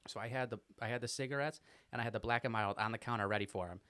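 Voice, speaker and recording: A man's voice: mid-range voice, racing, smooth, no room sound. Rambling young man telling stories. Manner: rambling, animated storyteller. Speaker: podcast co-host. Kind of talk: casual storytelling chat.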